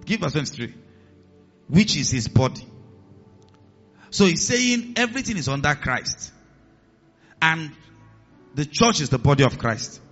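A man's voice: a little high, very animated, unhurried, pauses often, a bit bright, lo-fi sound, faint music behind. A man preaching a sermon as pastor, acting out voices in his stories and dropping to a hiss for commands. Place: church hall with a congregation.

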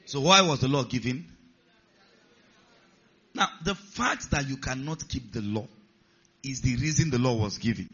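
A man's voice: medium pitch, unhurried, pauses often, bright, forceful tone, husky. A male pastor preaching a sermon, stressing key words and putting questions to the congregation. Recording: slightly muffled recording.

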